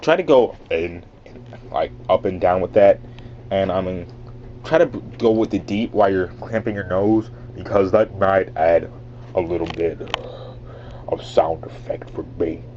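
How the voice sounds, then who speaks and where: Rambling low-voiced man giving tips. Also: normal speed, dark tone, dull audio, a little hiss or hum. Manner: rambling and filler-heavy, full of "like" and "um". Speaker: vlogger teaching a voice impression. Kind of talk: casual how-to vlog.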